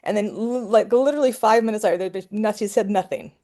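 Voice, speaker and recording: A woman's voice: medium pitch, fast, dark tone. A middle-aged woman, a psychology professor guest, telling chatty stories in a casual podcast conversation. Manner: storytelling, chatty with laughs and restarts.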